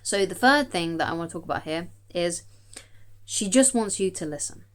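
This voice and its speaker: A woman's voice: on the low side, expressive, normal speed. A woman, a dating coach, giving chatty, emphatic advice straight to camera and often checking in with "okay?". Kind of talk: direct-to-camera advice talk.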